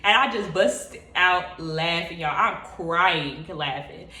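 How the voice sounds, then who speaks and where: Animated, cussing woman telling a story. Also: lowish voice, slow pace, echoey room. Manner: animated, expressive, profane. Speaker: vlogger. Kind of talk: casual storytime.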